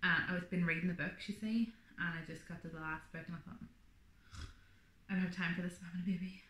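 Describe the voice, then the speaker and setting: A woman's voice: fairly low pitch, steady tone, fast talker, a bit bright. Chatty woman telling a story in a roomy space. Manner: chatty, rambling, many fillers. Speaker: vlogger. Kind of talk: casual birth story vlog.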